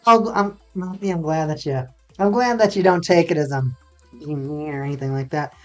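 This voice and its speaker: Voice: mid-range voice, normal speed, lo-fi sound, soft background music. A laid-back, sarcastic streamer from North America, chatting casually and rambling on a live stream.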